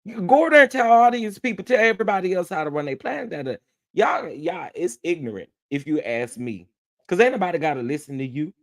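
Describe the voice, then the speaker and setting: Sassy high-voiced male livestream host. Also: brisk. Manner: sassy, animated, laughing often. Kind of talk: casual livestream rant.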